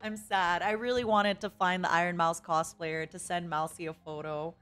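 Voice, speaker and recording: A woman's voice: lowish voice, steady tone, moderate pace, fairly bright tone, smooth. A young woman streaming a casual chat, dramatic and emotional, laughing often, with faint music behind.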